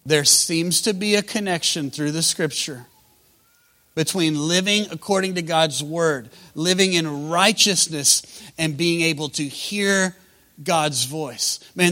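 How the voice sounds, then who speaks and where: Bright, high-voiced preaching man. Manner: preaching with call-and-response, building to loud emphatic passages. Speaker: pastor. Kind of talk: sermon.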